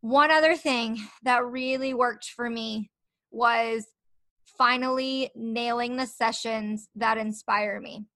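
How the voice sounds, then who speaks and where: A woman's voice: a little high, steady tone, takes it slowly, pushed and bright, no room sound. A young woman hosting her own podcast, talking earnestly and encouragingly to her listeners. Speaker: podcast host. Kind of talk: solo podcast talk.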